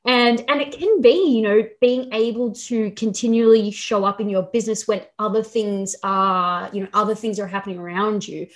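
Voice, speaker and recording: A woman's voice: medium pitch, steady tone, moderate pace, few pauses. A young woman hosting a podcast, a fitness coach talking candidly and reassuringly, with plenty of swearing. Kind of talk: casual podcast chat.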